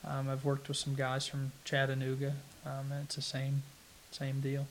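A man with a Southern US accent, answering interview questions in an unhurried, plain-spoken way with halting restarts. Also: mid-range voice, monotone, a little hiss or hum. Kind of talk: casual interview conversation.

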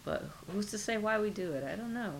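A woman's voice: mid-range voice, lively intonation, brisk, gravelly, a crowd in the background, low-quality recording. A middle-aged woman being interviewed, talking casually and musing with rhetorical questions.

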